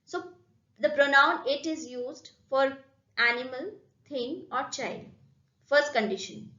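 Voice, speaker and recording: A woman with an Indian English accent teaching a grammar lesson, repeating points slowly and checking in with "okay" and "right". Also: high-pitched, fairly bright tone, reverberant, muffled recording. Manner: slow, repetitive, addresses students with "okay?" and "right?". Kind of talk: classroom lesson explanation.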